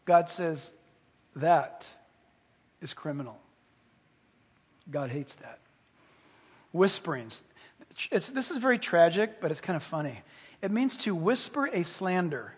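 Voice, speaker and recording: A man preaching a sermon, animated and playful, acting out little scenes and dropping into whispers for effect. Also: on the high side, takes it slowly, pauses often, husky. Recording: hall reverb, from a distance.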